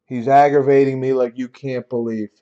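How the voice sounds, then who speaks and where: A man hosting a sports card break live, talking casually and getting loudly exasperated, repeating himself. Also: mid-range voice, flat delivery, moderate pace, highs cut off, a little hiss or hum. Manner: exasperated, repetitive, loud outbursts. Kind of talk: casual live-stream banter.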